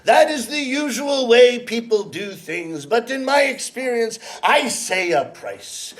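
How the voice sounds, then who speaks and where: A man voicing a sly male rickshaw puller who talks slowly and dodges naming a price, performed as live rakugo storytelling. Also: high voice. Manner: slow, drawn-out, coy.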